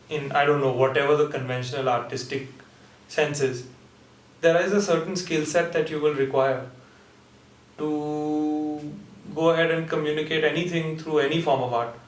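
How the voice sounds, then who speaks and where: A man speaks in a flat, level tone, giving a measured interview answer with small hesitations along the way. He sounds set back from the mic in a reverberant room, with a faint hiss of ambience underneath. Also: on the high side. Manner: even, measured, with hesitant fillers. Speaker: filmmaker. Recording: echoey room, mic at a distance.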